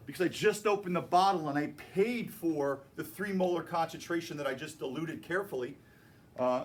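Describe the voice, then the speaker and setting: A man's voice: a little high, slight background noise. A man teaching a chemistry class, explaining and joking with his students as he goes. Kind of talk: classroom lecture.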